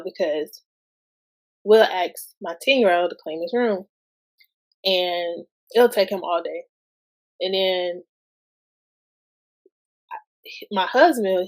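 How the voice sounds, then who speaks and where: A woman, guest-hosting a podcast and talking casually about parenting, asking lots of rhetorical questions. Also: fairly low pitch. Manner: slow, conversational, asks many rhetorical questions.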